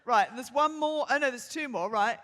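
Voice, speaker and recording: An older English woman co-hosting a live podcast show, brisk, bossy and quick to laugh. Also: sits high. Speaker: podcast co-host. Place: theatre stage before a live audience. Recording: long theatre reverb.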